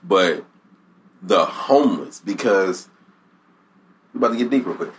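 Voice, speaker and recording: A man's voice: low-pitched, animated, a little slow, a little hiss or hum. A man with a Bay Area accent hosting a casual podcast, slangy and laughing often. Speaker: podcast host.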